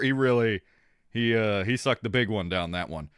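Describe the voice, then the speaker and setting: A man streaming and chatting casually with his audience, rambling and animated, coughing now and then. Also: lowish voice, moderate pace, clear, resonant tone, no room sound, clean studio sound.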